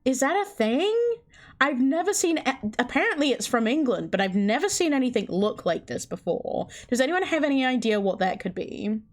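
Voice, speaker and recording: A woman's voice: high voice, sing-song, moderate pace, faint music behind. A woman livestreamer chatting casually, incredulous and chatty, swearing often. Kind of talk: casual stream chat.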